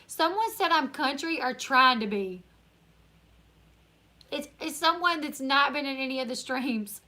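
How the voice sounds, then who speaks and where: A woman's voice: sits high, animated, a little slow, pushed and bright. A tired woman from Northern Louisiana with a country accent, hosting a casual live-stream Q&A, chatting and reading viewer comments aloud. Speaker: YouTuber live-stream host.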